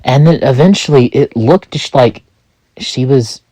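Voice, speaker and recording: A man tells a grim first-person tale slowly and haltingly, stopping often to restart his sentences. His voice sits in a middle register and sounds close and dry, with no room around it. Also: medium pitch, warm tone, no room sound. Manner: halting, with many restarts and pauses. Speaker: storyteller. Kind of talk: first-person narration of a fictional story.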